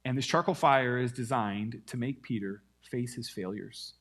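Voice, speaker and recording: A man preaching a sermon, telling a Bible story with lively acted-out quotes. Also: mid-range voice, fairly quick, hardly any pauses. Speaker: pastor.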